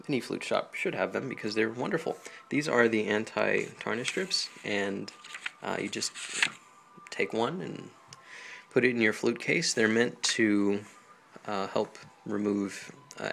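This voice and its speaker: Gravelly low-voiced man giving a tutorial. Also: a little hiss or hum. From Hawaii. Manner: relaxed, chatty, many ums and small laughs. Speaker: flutist teaching instrument care. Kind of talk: casual home tutorial. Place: home apartment.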